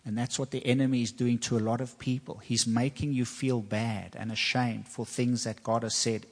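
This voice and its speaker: A man's voice: medium pitch, fairly even intonation, normal speed, hardly any pauses. A man preaching a sermon as pastor, earnest and personal, repeating himself for emphasis. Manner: earnest, personal testimony with repetition. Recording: long hall reverb.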